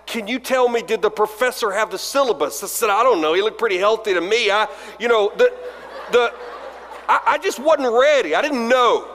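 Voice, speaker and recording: A pastor from Alabama, in his forties, preaches in a large chapel, spinning funny self-deprecating stories and performing the dialogue. His high-pitched voice is expressive and a bit bright at a normal speed, with slight background noise and the long reverb of the chapel hall.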